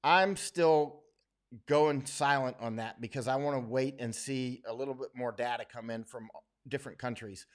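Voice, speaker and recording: A middle-aged man hosting a casual livestream, talking bluntly and with strong opinions, often dropping his voice low and quiet at the ends of phrases. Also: normal speed. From United States. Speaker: livestream host.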